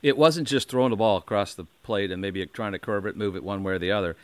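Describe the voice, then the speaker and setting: This podcast host is a man from the American Midwest whose lowish voice comes through smooth and echo-free as he talks fast. He tells a long, casual story with animated flair, performing others' lines and frequently starting over.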